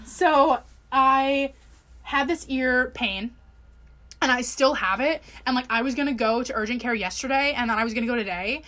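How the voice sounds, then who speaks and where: A woman's voice: high voice, moderate pace, a bit bright. A young woman co-hosting a podcast who tells a story in a chatty, wry way, with many fillers. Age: 20s. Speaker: podcast co-host. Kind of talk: casual chat.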